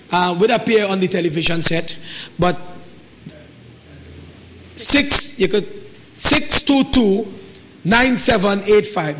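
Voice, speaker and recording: A man's voice: high-pitched, slight background noise. A man with a Trinidadian accent hosting a live call-in talk show, encouraging and repeating himself. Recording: reverberant studio sound.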